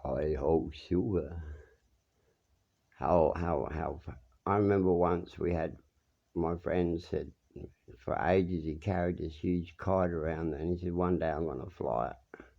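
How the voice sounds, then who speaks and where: A man rambles through jokey stories, one tangent after another. His very low voice has a gravelly, creaky edge. The recording is dull and muffled, like an old lo-fi tape. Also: steady tone, takes it slowly, long pauses. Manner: meandering, jokey, drifts between tales. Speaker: monologue speaker. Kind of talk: rambling storytelling.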